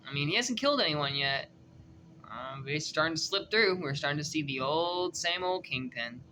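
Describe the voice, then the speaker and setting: Young male vlogger, casual and slangy, bright, slightly high voice. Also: lively intonation, moderate pace, a little hiss or hum. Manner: loose, profane and slangy, with laughs. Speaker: show reviewer. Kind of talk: casual review chat.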